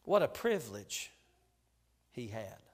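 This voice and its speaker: A male pastor preaching a sermon, fervent and preacherly, dropping to a hush and then rising to a ringing call. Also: mid-range voice, sing-song, takes it slowly. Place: church sanctuary. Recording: long hall reverb in a church.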